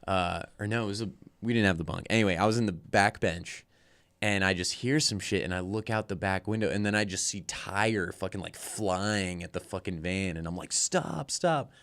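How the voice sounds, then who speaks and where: A man's voice: low-pitched, steady tone, brisk, a bit bright, smooth. A man, a band's guitarist and singer, telling tour stories in a casual, rambling way, swearing often. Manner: rambling, swears a lot, lots of "like". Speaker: band guitarist and vocalist, guest.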